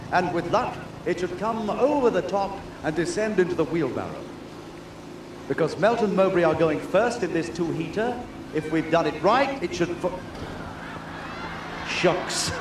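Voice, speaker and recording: A man's voice: high voice, echoey room, background noise. A man hosting an outdoor game show, speaking in a formal, theatrical way.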